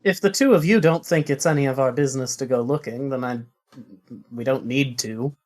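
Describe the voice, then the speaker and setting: A woman playing a character in a tabletop game, measured and formal in her speech. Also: extremely low pitch, darkish tone. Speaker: player.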